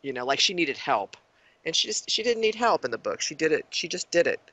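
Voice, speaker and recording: A woman co-hosting a casual podcast, thinking aloud with many halting restarts. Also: low-pitched, very animated, a bit bright. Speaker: co-host.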